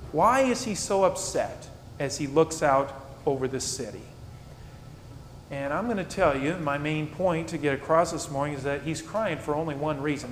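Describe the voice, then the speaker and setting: A slightly high-voiced man delivers a sermon in a reverberant church hall, with a faint rumble underneath. He leans on rhetorical questions, dropping soft and low, then pushing up loud and emphatic. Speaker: pastor.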